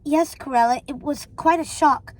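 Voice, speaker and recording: A woman voicing a sweet, polite young woman who speaks softly and anxiously. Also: high voice, unhurried, no echo.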